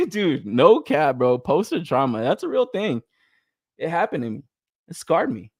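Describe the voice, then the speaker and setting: Profane, laugh-prone young man, very animated. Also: a little high, unhurried, husky, no echo, clean studio sound. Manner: profane, laughs often, excitable storytelling. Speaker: podcast host reading live chat. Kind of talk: casual chat.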